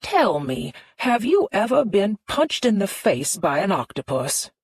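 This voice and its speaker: A woman's voice: medium pitch, big pitch swings, a little slow, slightly rough, no room sound, clean studio sound, heavily acted. A woman voicing a friendly, polite younger man who talks easily in an audiobook.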